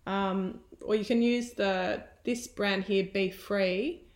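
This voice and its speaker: A woman's voice: mid-range voice, fairly even intonation, takes it slowly. A woman who hosts a podcast, chatting in a friendly way and listing practical tips. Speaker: podcast host. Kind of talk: casual chat. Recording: echoey room.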